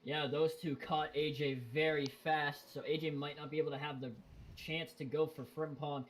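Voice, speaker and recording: A man's voice: fairly high pitch, little pitch movement, normal speed, slight background noise, low-quality recording. A man commentating on a sim race in a casual, rambling way with fillers and self-corrections.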